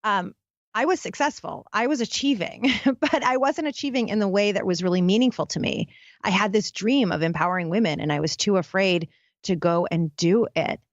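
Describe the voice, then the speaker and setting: In a muffled, echo-free recording, a woman with a mid-range voice speaks at a moderate pace. She's a happiness expert appearing as an interview guest, candidly and intensely recounting a dramatic story from her life straight to the audience.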